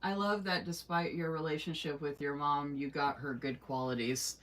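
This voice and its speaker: A woman's voice: low voice, fairly even intonation, normal speed, a bit bright. A woman hosting a casual livestream, chatting with viewers, reading their comments aloud and laughing often. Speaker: livestream host.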